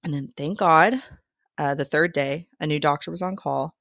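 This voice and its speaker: Woman guest, low voice, dry sound; candid, emotional storyteller. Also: moderate pace, gravelly, a bit bright, no echo. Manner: candid, emotional, laughs through hard parts. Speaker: podcast guest. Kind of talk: personal birth story.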